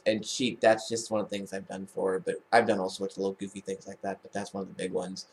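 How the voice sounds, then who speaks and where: A man's voice: fairly low pitch, little pitch movement, fast, hardly any pauses. A man vlogging, telling a personal family story in a casual, rambling way, with many restarts and false starts.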